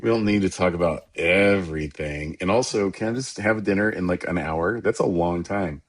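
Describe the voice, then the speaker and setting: A man's voice: low voice, moderate pace. A man co-hosting a casual podcast, trading dry, teasing banter with his friends. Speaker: podcast co-host.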